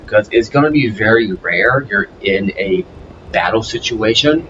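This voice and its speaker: A man's voice: lowish voice, lo-fi sound, noisy background. A man hosting a let's play, talking casually through his game with lots of fillers and restarts. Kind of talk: casual gameplay commentary. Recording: game music playing behind. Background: game music.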